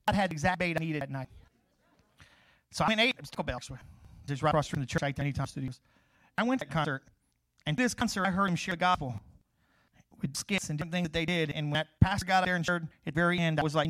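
Fast-talking, high-voiced pastor preaching. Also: male voice, no echo, poor audio. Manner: animated preaching, swings from loud scripture reading to quiet asides; tells his testimony conversationally, acting out both sides of conversations. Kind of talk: sermon.

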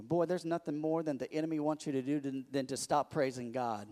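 A man preaching a sermon as pastor, emphatic and repetitive, building to loud declarations. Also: a little high, steady tone, a little fast. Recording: echoey hall.

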